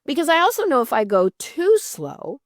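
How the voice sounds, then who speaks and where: A woman's voice: sits high, big pitch swings, normal speed, no echo, studio quality. A woman hosting a podcast, chatting casually with frequent fillers, restarts and laughs. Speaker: podcast host. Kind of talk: casual interview chat.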